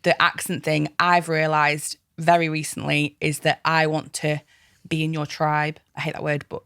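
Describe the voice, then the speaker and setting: Woman, low voice, chatty, self-deprecating, dry sound. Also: completely flat delivery, normal speed, a bit bright, smooth, dry recording. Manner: chatty, self-deprecating, talks over others. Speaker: podcast guest. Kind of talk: casual chat.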